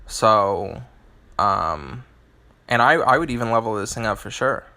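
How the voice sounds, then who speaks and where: A man's voice: fairly low pitch, animated, a little slow, pushed and bright. A man hosting a live game stream, answering chat and reading out game stats in a rambling way, often restarting his phrases.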